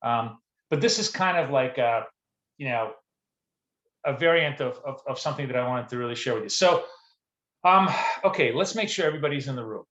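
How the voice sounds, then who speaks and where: A man's voice: mid-range voice, animated, fairly quick, a bit bright. A man hosts a live trading stream from his desk, chatting loosely with plenty of fillers and restarts while greeting viewers from the chat. His voice sits in a roomy space with a slightly dull, muffled tone from a computer mic. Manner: casual, rambling, lots of fillers and restarts. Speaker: trading show host.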